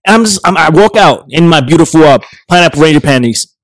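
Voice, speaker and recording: A man hosting a podcast, telling stories in casual, profane, animated chat. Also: a little high, fast talker, no room sound. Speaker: podcast host.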